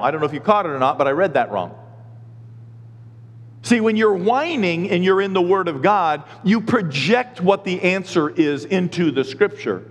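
A middle-aged man from Oklahoma, a pastor giving a sermon, telling stories with lively energy and acting out his own complaining prayers. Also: high-pitched. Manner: animated storytelling, acts out his own whining prayers. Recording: long hall reverb.

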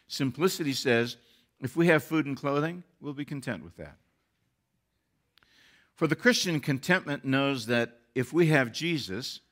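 A man's voice: medium pitch, fairly bright tone. A man who is a pastor, preaching a sermon with earnest rising emphasis.

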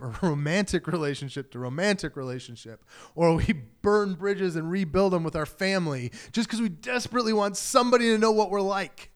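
A man preaching a sermon as pastor, talking in a loose conversational way and acting out quoted voices. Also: high voice.

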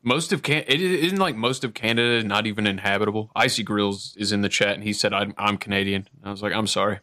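A man from the United States hosting a podcast, joking and teasing in quick banter. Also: fairly low pitch, pushed and bright, dry recording, clean studio sound. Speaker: podcast host. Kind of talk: casual chat.

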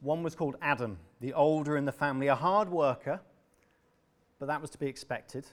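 A male preacher delivering a sermon, telling a parable with dramatic, expressive narration. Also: on the high side, fairly quick.

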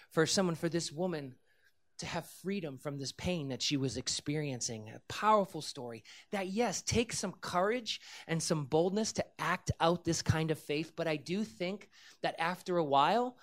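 An animated preacher delivers a sermon at an ordinary, mid-range pitch. The story comes alive as the preacher slips into the characters' voices, then settles into an earnest, direct stretch of teaching about faith. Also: normal speed. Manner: animated storyteller who acts out the characters' lines.

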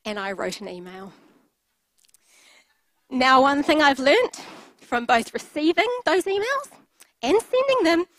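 A woman's voice: high voice, very animated, unhurried, long pauses, a bit bright, no room sound, low-quality recording. Woman preaching a personal sermon. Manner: candid, personal storytelling with light laughs.

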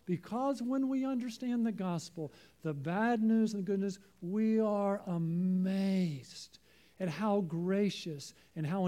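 A male preacher with a high, mellow voice delivers an emphatic sermon. He drives home his points through repetition and prompts his listeners to answer back.

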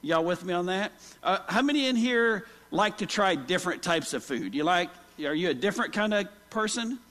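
A man's voice: sits high, animated, normal speed, a bit bright. A pastor preaching a folksy story-filled sermon, asking the congregation questions as he goes. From Oklahoma. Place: church sanctuary. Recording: long hall reverb.

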